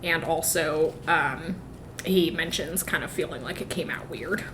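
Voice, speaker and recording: A woman co-hosting a podcast, recapping a book in casual chat, jumping into quick voiced lines for the characters, swearing and laughing as she goes. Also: low-pitched, background noise. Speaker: podcast co-host.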